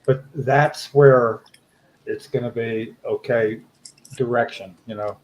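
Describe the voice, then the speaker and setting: A man's voice: mid-range voice, steady tone, slow pace, a little mellow, lo-fi sound, a little hiss or hum. A man co-hosting a podcast, chatting loosely on a video call with plenty of fillers and restarts. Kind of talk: casual chat on a video call.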